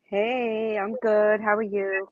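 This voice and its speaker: Tired, soft-spoken woman co-host. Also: medium pitch, level tone, slow, phone-quality sound, over a noisy crowd. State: tired, sleepless. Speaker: livestream co-host. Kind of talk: casual livestream chat.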